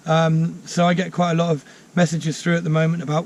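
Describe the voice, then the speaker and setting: A man's voice: a little high, level tone, fairly quick, a little mellow. A man, a mushroom forager, explaining finds in a chatty, enthusiastic way outdoors in the woods. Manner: enthusiastic, chatty, many fillers. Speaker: mushroom forager and course teacher. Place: outdoors in woodland.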